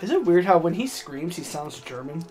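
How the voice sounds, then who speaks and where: A young man hosting a let's play, talking casually and swearing loudly at the game. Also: on the high side, very animated, faint music behind. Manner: loud, profane, quick frustrated outbursts. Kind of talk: casual gameplay commentary.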